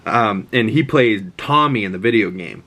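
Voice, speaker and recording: A man's voice: fairly low pitch, expressive, normal speed, pushed and bright. A man in his twenties gives a rambling, profane, enthusiastic recap of a show, full of fillers. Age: 20s.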